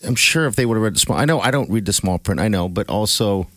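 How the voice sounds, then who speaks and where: A man's voice: lowish voice, lively intonation, quick pace, fairly bright tone. A man hosting a morning radio show in an easygoing way, keeping the others talking with short replies. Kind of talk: casual morning radio chat.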